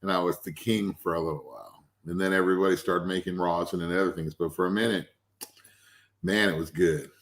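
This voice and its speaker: A man who is the guest, a cannabis extract maker, telling casual stories with lively anecdotes and acting out the people he quotes. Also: sits low, a little fast. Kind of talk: casual storytelling.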